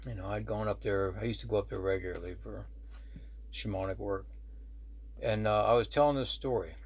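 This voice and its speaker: Low gravelly male storyteller. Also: fairly even intonation, brisk, a little hiss or hum. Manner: rambling, conversational, many "you know" asides. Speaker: shaman and storyteller. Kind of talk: casual spoken storytelling.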